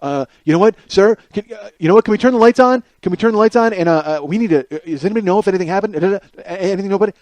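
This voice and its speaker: A man's voice: high-pitched, rapid-fire, few pauses, darkish tone, dry recording, voice pushed up. A man voicing a panicking, nervous moviegoer who stammers and repeats himself. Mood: panicked.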